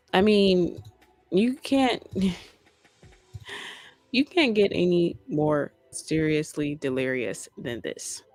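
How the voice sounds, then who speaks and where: Creaky-voiced woman giving emphatic commentary. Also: medium pitch, no echo. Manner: emphatic, repeats points, laughs mid-sentence. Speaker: commentary host. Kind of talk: casual reaction commentary.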